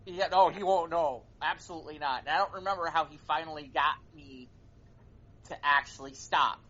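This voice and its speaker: A man's voice: fairly high pitch, moderate pace, sharp tone, husky. A man co-hosting a podcast, telling a story in a casual chat with stammering restarts and repeated phrases for comic effect. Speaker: podcast co-host. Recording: dull lo-fi podcast recording.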